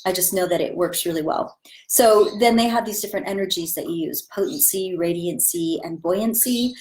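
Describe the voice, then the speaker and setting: A woman's voice: fairly low pitch, moderate pace, a little mellow, slight background noise, rough recording. Chatty, enthusiastic woman acting teacher. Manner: enthusiastic, chatty, demonstrates vowel sounds. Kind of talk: casual teaching talk.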